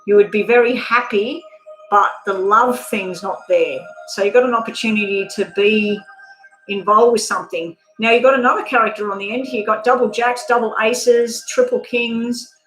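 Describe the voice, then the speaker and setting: A woman's voice: fairly high pitch, moderate pace, fairly bright tone, soft background music. A woman doing a live-stream tarot reading, chatting casually with viewers and laughing often. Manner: casual, swears now and then. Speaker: tarot reader. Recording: roomy echo.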